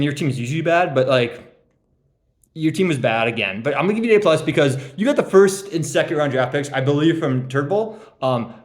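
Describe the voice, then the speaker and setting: Joking young man in an echoey room. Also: on the high side. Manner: teasing, rambling, laughs at own jokes, many ums. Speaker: fantasy league commissioner giving draft grades. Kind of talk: joking casual roast.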